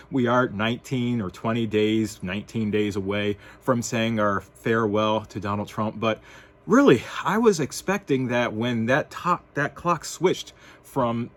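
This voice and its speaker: A man's voice: fairly low pitch, a bit bright. Man, vlogger, sarcastic commentary, casual, wry. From United States.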